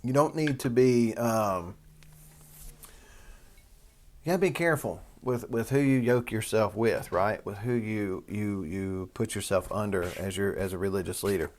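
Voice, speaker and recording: A man with a lowish voice, speaking a little slowly, hosts a casual talk show and reads a news article aloud. His manner is folksy and rambling, full of "y'all" and side remarks.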